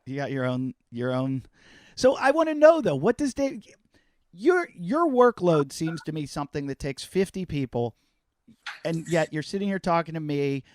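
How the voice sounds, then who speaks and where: Brief: male podcast host, slightly high voice, animated and jokey, dry close sound. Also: normal speed, no room sound. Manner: animated, profane, jokey storytelling. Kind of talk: casual interview chat.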